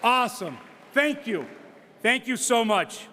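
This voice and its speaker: A man working as a charity auctioneer, calling bids live at a gala, teasing bidders and shouting out numbers with whoops of excitement. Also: very high-pitched, takes it slowly, a faint crowd, a little hiss or hum. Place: banquet hall at a charity gala.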